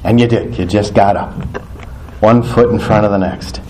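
A man's voice: lowish voice, fairly even intonation, normal speed, background noise. A male priest preaching in a church, telling stories animatedly, often laughing and acting out the dialogue. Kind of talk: storytelling sermon.

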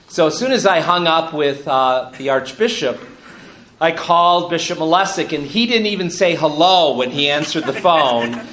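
A man's voice: fairly high pitch, moderate pace, a bit bright. A bishop in his fifties telling a personal story to an audience, good-humored and chuckling as he goes. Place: room with an audience. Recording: roomy hall echo.

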